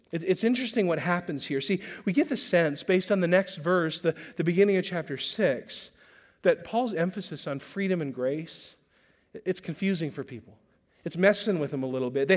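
Man, high voice, pastor preaching, earnest, stumbles and restarts, stretches key words. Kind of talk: sermon.

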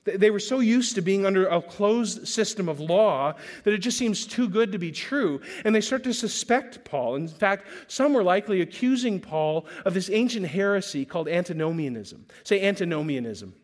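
A man preaching a sermon as pastor, earnest, with frequent restarts and slow, drawn-out emphasis. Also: high-pitched, lively intonation.

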